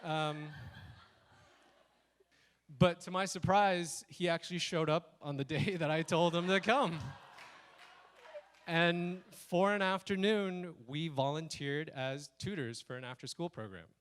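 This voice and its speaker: A man telling a personal story on stage at a speaker event, animated and acting out the lines he quotes. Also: a little high, a little slow, smooth. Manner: animated, acts out quoted lines in shifting voices. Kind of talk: live storytelling talk.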